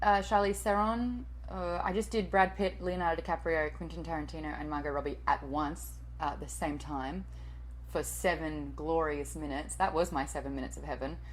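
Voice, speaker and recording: A woman's voice: deep voice, fairly even intonation, normal speed, slight background noise, poor audio. A woman in her late thirties, a TV and radio host and voice-over artist, answering interview questions in a chatty, self-deprecating way with the odd swear word.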